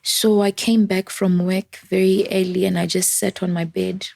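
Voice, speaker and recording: A grieving woman, speaking softly and often near a whisper as she tells her personal story. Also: medium pitch, flat delivery, normal speed, creaky, dry recording. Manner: soft-spoken, often close to a whisper, switching between English and Setswana. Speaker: interview guest.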